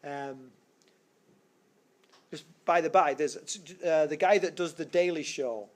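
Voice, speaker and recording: A man with a slightly high voice teaches a physics class, talking things through step by step. He rambles, stops to restart his sentences and fills the gaps with plenty of fillers. It sounds like a casual classroom lecture captured for a screencast. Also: slow. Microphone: screencast recording.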